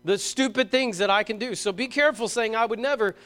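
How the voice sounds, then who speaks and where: A middle-aged man preaching a sermon, telling stories with animated, emphatic bursts and reading scripture slowly. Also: high-pitched. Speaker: pastor.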